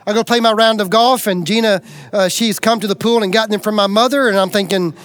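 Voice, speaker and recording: A high-pitched middle-aged man from Alabama gives a sermon testimony. He tells his own story in an emphatic, confessional way, like a storyteller. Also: fast talker, few pauses, fairly bright tone. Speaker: preacher giving testimony.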